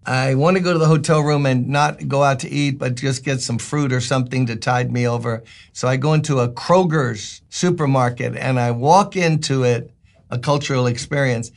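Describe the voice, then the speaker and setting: A man's voice: mid-range voice, normal speed, gravelly. An older man from Brooklyn, a pastor giving a folksy, joking devotional talk that turns emphatic. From Brooklyn, New York.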